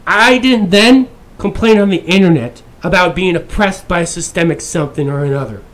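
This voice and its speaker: Brief: male YouTuber, rather high voice, brash and profane casual rant. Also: normal speed. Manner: profane, brash, swings between shouting and mumbling. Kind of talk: casual ranting monologue.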